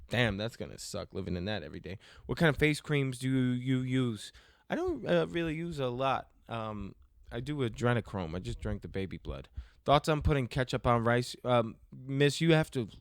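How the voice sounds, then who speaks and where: A man's voice: mid-range voice, clear, resonant tone, no echo, studio quality. A man hosting a podcast alone, answering listener questions in a joking, rambling, self-mocking way. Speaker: podcast host. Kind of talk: casual solo Q&A.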